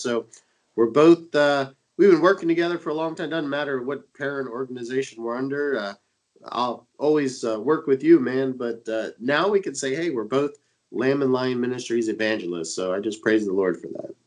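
A man's voice: mid-range voice, normal speed, poor audio. Congested man co-hosting a religious radio show. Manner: eager and talkative, with many fillers. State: congested from a cold. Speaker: co-host and internet evangelist. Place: Dallas, Texas area.

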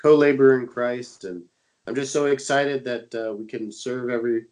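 A man's voice: medium pitch, normal speed, darkish tone, rough recording. A man with a stuffy, congested voice from a cold, co-hosting a religious radio show and talking eagerly with many fillers. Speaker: co-host and internet evangelist. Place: Dallas, Texas area.

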